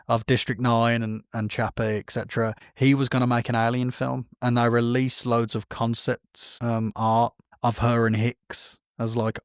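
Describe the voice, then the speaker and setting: A man's voice: mid-range voice, no room sound, studio quality. A man, co-hosting a podcast and chatting casually about film news in a rambling, self-correcting way. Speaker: podcast co-host.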